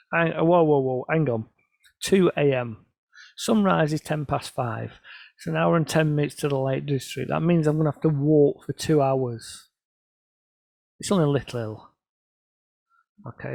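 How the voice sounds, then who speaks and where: A man's voice: fairly high pitch, gravelly, darkish tone, no echo. A middle-aged man, telling self-deprecating stories about his photographs to an audience. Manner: storytelling, self-deprecating, quoting others in voices. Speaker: photographer presenting his work. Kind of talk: casual anecdotal talk to an audience.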